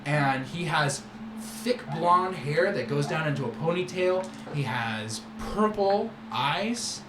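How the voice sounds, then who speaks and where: A man narrating a tabletop game as game master, describing scenes in a relaxed, halting way. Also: fairly high pitch. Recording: roomy room with background noise.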